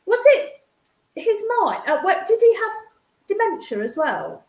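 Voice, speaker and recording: A woman's voice: very high voice, sing-song, measured pace, darkish tone, echoey room. A woman giving a psychic reading as a medium, chatty and affectionate, calling the sitter darling.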